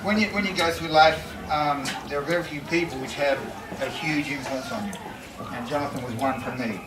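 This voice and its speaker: A man's voice: on the high side, brisk. A man giving a memorial speech, reminiscing earnestly with light humor, recorded from far off in an echoey, noisy room. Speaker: memorial speaker.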